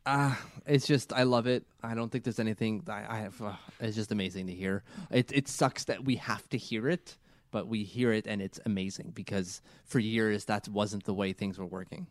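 Brief: Canadian guy, podcast co-host, dry close sound, emphatic and animated. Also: lowish voice, moderate pace, no room sound. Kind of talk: casual hockey podcast chat.

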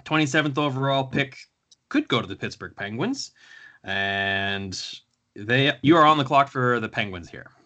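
A man's voice: medium pitch, lively intonation, normal speed, sharp tone, dull audio. A man hosting a podcast, chatting casually as he runs through picks. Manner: conversational, runs the draft picks. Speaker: podcast host.

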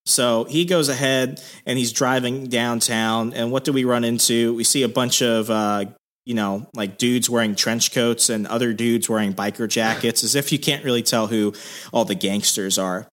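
A man hosting a podcast, retelling a plot in a casual, rambling way. He fills his sentences with "like" and "um" and keeps restarting them. His voice sits at an ordinary, mid-range pitch for a man. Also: fairly even intonation, normal speed, fairly bright tone. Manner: rambling, loose storytelling with many fillers. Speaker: podcast host. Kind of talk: casual comic recap.

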